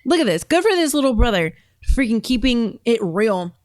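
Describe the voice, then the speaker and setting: A woman's voice: a little high, sing-song, moderate pace, darkish tone, no room sound. A woman hosting a show and reacting to videos in a chatty, rambling way, often laughing. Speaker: host. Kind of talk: casual reaction commentary.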